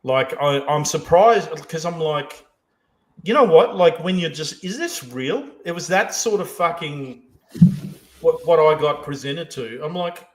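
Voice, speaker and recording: A man's voice: fairly high pitch, expressive, a little slow. A male podcast host in casual chat, telling stories and swearing heavily as he rambles. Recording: roomy echo.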